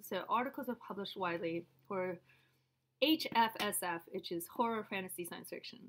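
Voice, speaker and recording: A woman's voice: medium pitch, moderate pace, slight background noise. A woman with a cold, sounding congested, chatting casually and reading old papers aloud with frequent side remarks. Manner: drifts between reading aloud and chatty asides. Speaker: vlogger reading her father's papers.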